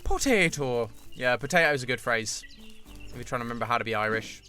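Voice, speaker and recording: A young man streaming a video game, chatting casually and self-mockingly with animated reactions. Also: mid-range voice, fast, music in the background. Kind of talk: live gameplay commentary.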